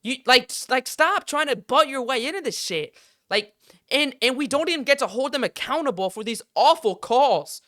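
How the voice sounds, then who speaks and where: A man's voice: very high voice, animated, normal speed, sharp tone, no room sound, studio quality. A young man hosting a sports podcast, ranting heatedly and with plenty of swearing. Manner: heated, profane, exasperated ranting. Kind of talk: casual sports rant.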